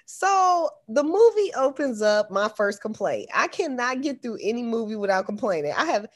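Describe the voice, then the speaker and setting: A woman's voice: fairly high pitch, big pitch swings, moderate pace. A woman co-hosting a podcast in casual chat, complaining with a laugh. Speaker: podcast co-host.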